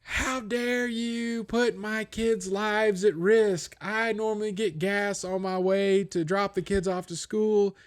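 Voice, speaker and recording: A man mimicking a shrill, outraged local. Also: fairly even intonation, slow pace, few pauses, smooth. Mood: outraged whining. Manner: indignant, shrill complaining. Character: outraged fussy local resident, whiny adult.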